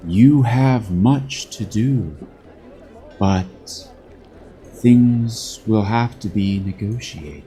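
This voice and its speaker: A man voicing a mysterious spirit presence with quiet, solemn intoning in a tabletop game. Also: on the low side, very slow, voice pushed down.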